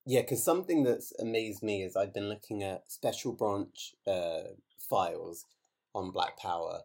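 A man interviewing a guest, asking measured, inquisitive questions with short pauses. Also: on the low side, gravelly, darkish tone.

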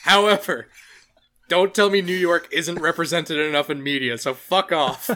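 Bright, animated swearing podcast man. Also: on the high side, moderate pace. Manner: animated, profane, jokey. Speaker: podcast host. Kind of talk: casual podcast chat.

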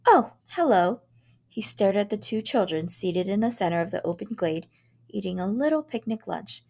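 A woman teacher reading a short story aloud in a measured, dramatic way. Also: mid-range voice, creaky, warm tone.

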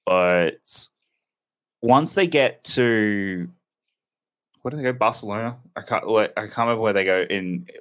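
A man with a fairly low voice talks through a movie in a loose, candid way. He rambles and corrects himself as he goes. It sounds like an unscripted review chat. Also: unhurried, pauses often, fairly bright tone. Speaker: film reviewer. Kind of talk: casual film review chat.

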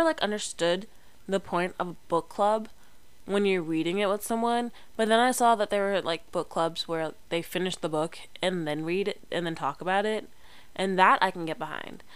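Chatty young woman vlogger, clear voice. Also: lowish voice, a bit bright, dry recording. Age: young adult. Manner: chatty, rambling, lots of fillers and self-corrections. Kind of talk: casual chat to camera.

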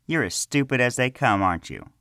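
A man's voice: on the low side, lively intonation, moderate pace, dry recording, studio quality, pitched above the performer's own voice. A man voicing an arrogant young male villager who mocks and scoffs in a storybook reading. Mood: taunting. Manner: taunting, loud and scornful.

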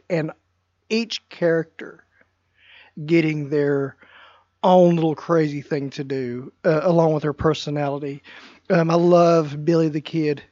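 A man co-hosting a podcast in casual chat, talking haltingly with many fillers and restarts. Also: a little high, darkish tone, no room sound. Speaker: podcast co-host. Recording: dry, dull lo-fi sound.

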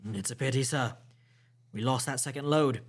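Guy reading a gruff stubborn old sea captain, blunt clipped sailor talk, storybook style. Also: mid-range voice, moderate pace, lightly acted. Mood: steady, blunt. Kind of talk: audiobook reading.

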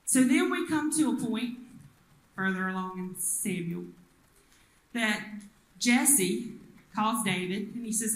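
A woman's voice: medium pitch, animated, takes it slowly, long pauses, echoey room, poor audio. A woman pastor, preaching a sermon and retelling the story with acted voices. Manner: storytelling, acts out the quoted people.

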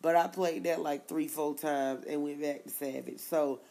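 Brief: female podcast co-host, casual rambling music talk, frequent laughs, lots of vocal fry. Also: low voice, fairly even intonation, warm tone. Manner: rambling, laughs often, quick asides. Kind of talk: casual chat about music.

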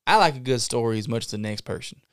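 A man's voice: medium pitch, animated, fast, a bit bright, clear, resonant tone. A man co-hosting a podcast, acting out comedic movie-parody skits with a showy, playful announcer delivery. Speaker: podcast co-host.

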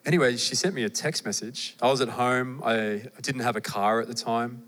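A young Australian man preaches a sermon in a lively, conversational way, tossing asides to his listeners. His voice sits in the mid-range and moves at a normal speed, with long hall reverb around it.

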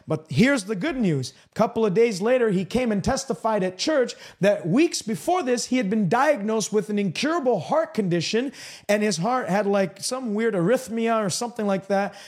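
A man preaching a sermon, telling healing stories in an emphatic style with sudden jumps in pitch. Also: a little mellow.

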